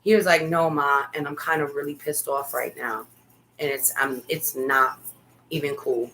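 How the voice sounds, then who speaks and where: A woman's voice: very deep voice, fairly even intonation, moderate pace, fairly bright tone, slight background noise, low-quality recording. A middle-aged woman and mother co-hosting a casual talk show, telling a family story with candid asides. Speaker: podcast co-host, mother.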